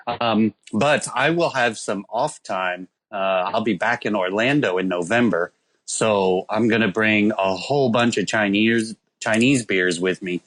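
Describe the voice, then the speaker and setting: A man's voice: fairly low pitch, a little slow, fairly bright tone. A man co-hosting a casual podcast, telling a rambling story about a beer with lots of ums and uhs. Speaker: podcast co-host presenting a beer. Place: calling in from abroad.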